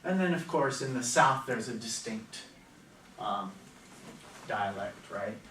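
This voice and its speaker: American male teacher lecturing a class, conversational and quizzing students; mid pitch, caught from across an echoey room. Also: expressive, slow pace, recorded from a distance, noisy background. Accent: General American. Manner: chatty, asks students questions. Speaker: language teacher.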